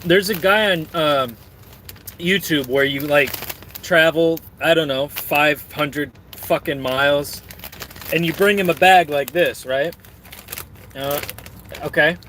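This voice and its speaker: Man, crude jokey rambling, snacking while talking, fairly high voice. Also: slow pace, pauses often, a bit bright, slight background noise. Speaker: streamer reading chat. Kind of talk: casual rambling chat.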